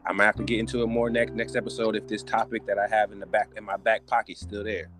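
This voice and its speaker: A man hosting a podcast, ranting in an animated, joking and profane way with lots of restarts. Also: fairly low pitch, quick pace, music in the background. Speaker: podcast host. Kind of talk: casual comedic podcast chat.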